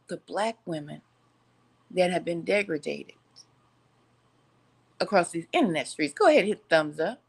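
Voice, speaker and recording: Lively woman vlogging with preacher cadence. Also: on the low side. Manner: animated, laughs often, preacher-like cadence. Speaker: channel host. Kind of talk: casual vlog talk to viewers.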